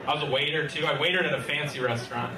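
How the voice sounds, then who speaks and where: A man's voice: a little high, fairly even intonation, rapid-fire, background noise. A man telling wry, self-deprecating stand-up anecdotes, recorded from afar in an echoey club. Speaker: stand-up comedian. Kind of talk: stand-up storytelling. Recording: echoey club, distant mic, loud crowd.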